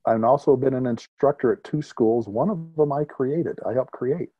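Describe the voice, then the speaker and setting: A man in his fifties, a retired military pilot, telling lively anecdotes as an interview guest and chuckling at his own stories. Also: mid-range voice, moderate pace, breathy edge, no echo, phone-quality sound. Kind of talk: conversational interview storytelling.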